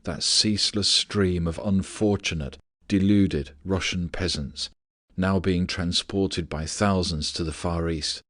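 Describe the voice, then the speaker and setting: A man narrating a philosophical audiobook in a measured, steady reading voice. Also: sits low, dry recording, studio quality.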